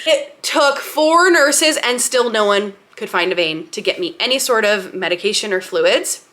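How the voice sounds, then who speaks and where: A woman's voice: on the high side, normal speed, hardly any pauses, bright, forceful tone. A young woman vlogger telling a personal story to camera in a chatty, candid way, laughing often and acting out what people said. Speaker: lifestyle vlogger.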